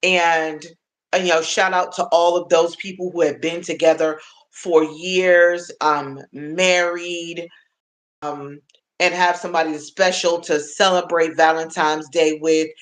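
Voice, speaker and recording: A woman's voice: lowish voice, little pitch movement, measured pace. Mom in her 40s chatting on a livestream, laughs a lot, talks like an auntie to her viewers. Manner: motherly and affectionate, like an auntie. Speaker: livestream host. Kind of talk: casual livestream chat with viewers.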